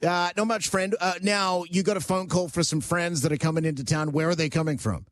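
A man's voice: a little high, steady tone, fairly quick, no room sound, clean studio sound. A male talk radio host chatting casually, teasing callers and ranting wryly. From Canada. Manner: wry, teasing, ranting asides.

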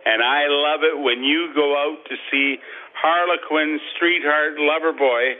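A man phones in to a radio show, and his voice comes through a thin, tinny phone line. His pitch sits a bit high for a man. He speaks warmly but haltingly, full of fillers. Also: steady tone. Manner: warm, praising, hesitant with fillers. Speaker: caller.

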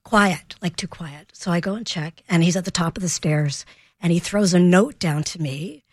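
A woman in her thirties, a child behavior expert, telling a parenting story on a radio talk show and acting out the calm words she used. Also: lowish voice, normal speed, dry recording, studio quality.

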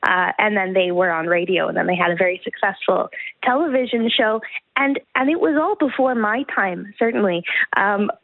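A woman's voice: mid-range voice, moderate pace, gravelly, no room sound. An upbeat woman chats as a guest on a live radio interview. Her voice comes through a narrow, tinny, phone-like line. The sound is dry and close, with no room around it. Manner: upbeat, friendly. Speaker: guest performer.

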